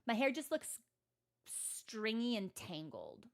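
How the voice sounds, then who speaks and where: A woman's voice: on the high side, huge pitch swings, takes it slowly, gravelly. A woman streaming a game, chatting casually in a rambling, sarcastic and self-mocking way with many fillers. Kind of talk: casual chat while gaming.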